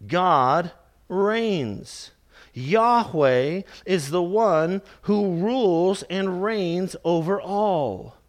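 A man preaching a sermon, slow and emphatic, repeating key phrases and calling his listeners "beloved". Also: high voice.

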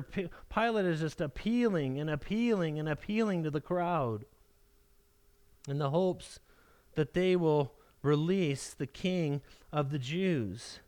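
High-voiced preaching man. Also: expressive, a little slow, a little mellow. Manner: earnest preaching, pleading dramatic readings of scripture. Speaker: pastor. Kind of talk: sermon.

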